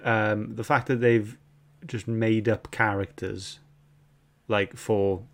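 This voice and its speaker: A man hosting a casual book club podcast, reading out viewer questions in a relaxed way. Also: on the low side, slow.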